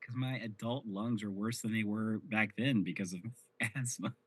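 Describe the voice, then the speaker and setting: A man's voice: fairly low pitch, fairly even intonation, normal speed, a bit bright, husky, no echo. A man in his forties co-hosting a podcast, chatting casually and teasing with frequent laughs. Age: 40s. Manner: laughing, teasing, calls his friend "honey". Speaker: podcast co-host. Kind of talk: casual chat recapping a sitcom episode.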